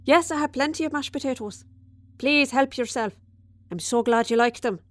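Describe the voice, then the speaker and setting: A woman storyteller with a natural mid-range voice speaks at a moderate pace, with no room sound, performing a dramatic monologue. She plays a tipsy, talkative Irish widow confiding over dinner, her confiding tone broken by sudden bursts of resentment.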